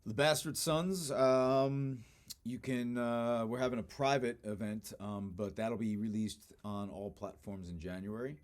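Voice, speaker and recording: A man, a guest actor and producer, talking casually in an interview, relaxed, with easy laughs and hesitant fillers. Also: medium pitch, a little slow.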